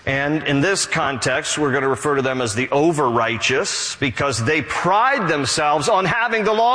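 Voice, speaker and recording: A male pastor preaching an animated sermon and reading scripture aloud. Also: fairly high pitch, moderate pace, few pauses, long reverb tail.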